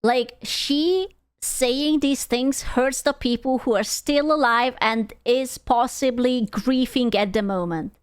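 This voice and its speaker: Blunt, swearing streamer woman, smooth voice. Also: sits high, slow, hardly any pauses. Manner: blunt, candid, swears freely; storytelling with sung bits. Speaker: streamer reacting to videos. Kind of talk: casual reaction chat.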